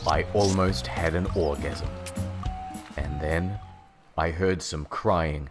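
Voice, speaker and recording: A man narrating a comic reading in a deadpan, sarcastic style. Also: rumbling low, takes it slowly, music in the background. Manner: deadpan delivery of absurd text, sarcastic. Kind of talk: mock-dramatic comedic reading.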